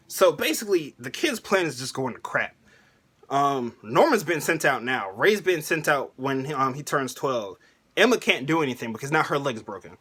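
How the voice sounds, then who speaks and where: Excitable man ranting about anime. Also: mid-range voice, normal speed, slightly rough. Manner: excitable, laughs often, uses slang. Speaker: anime reviewer vlogger. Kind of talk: casual rant.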